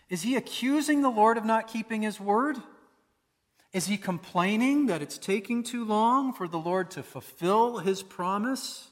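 A man's voice: sits high, lively intonation, unhurried, big-room sound. A man preaching a sermon in a conversational way, posing rhetorical questions to his listeners. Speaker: pastor.

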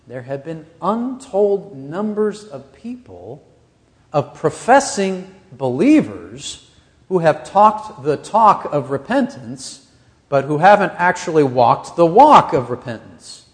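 Lively earnest preacher in echoing hall. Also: male voice, fairly high pitch. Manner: earnest, rising emphasis on key points. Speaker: pastor. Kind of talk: sermon.

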